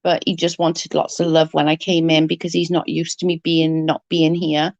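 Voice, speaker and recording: Chatty British woman, lowish voice. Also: little pitch movement, normal speed, no room sound, poor audio. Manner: chatty, rambling, answers comments. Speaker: livestreamer. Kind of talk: casual chat with viewers.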